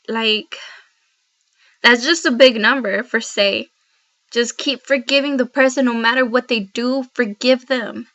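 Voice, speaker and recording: A woman's voice: a little high, pushed and bright. A woman speaking to camera in an earnest devotional vlog, heartfelt and rambling, addressing viewers directly. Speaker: Christian vlogger. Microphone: laptop built-in mic. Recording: dull lo-fi laptop audio.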